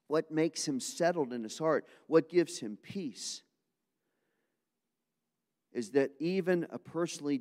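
Impassioned preacher in a reverberant hall. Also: male voice, medium pitch. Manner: impassioned, swings from hushed to loud. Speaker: pastor. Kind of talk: sermon.

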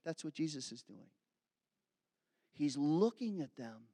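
A man's voice: a little high, a little slow, husky, no echo, studio quality, in a large hall. A man in his fifties preaching a sermon in a chatty way, slipping into acted asides. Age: 50s. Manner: conversational preaching, growing animated with acted asides. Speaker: pastor.

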